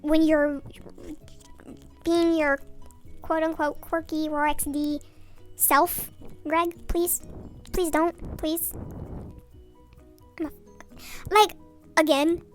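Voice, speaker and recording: Young woman, sped-up squeaky voice, sarcastic rambling rant, bathroom at night. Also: little pitch movement, extremely slow, long pauses, soft background music. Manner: rambling, sarcastic, off-topic, with swearing and mock outrage. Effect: voice digitally sped up and pitched up. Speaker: YouTuber. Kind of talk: late-night rant vlog.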